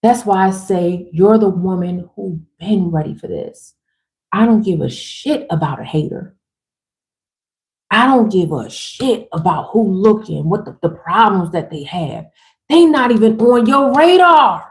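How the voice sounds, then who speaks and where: A woman's voice: medium pitch, lively intonation, a little slow. Fired-up, slangy woman giving a pep talk. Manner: fired-up, emphatic, swears casually; slangy, chatty, speaks straight to women viewers. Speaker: motivational speaker. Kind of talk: casual livestream pep talk.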